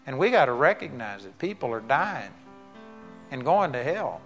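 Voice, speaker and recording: A man's voice: mid-range voice, sing-song, moderate pace, fairly bright tone, highs cut off, soft background music. A man preaching a sermon at a conference, earnest and conversational, often dropping "man" into his talk. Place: conference stage.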